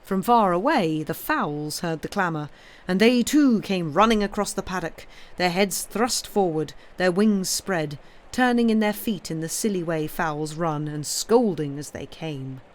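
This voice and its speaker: Expressive woman reading a story aloud. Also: lowish voice, a little slow. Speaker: story reader.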